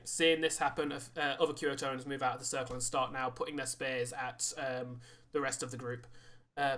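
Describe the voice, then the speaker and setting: Male DM, haltingly narrates the scene, mid-range voice. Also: medium pitch, fairly bright tone. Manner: halting narration, many ums and restarts. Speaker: dungeon master. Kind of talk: narrating a tabletop game.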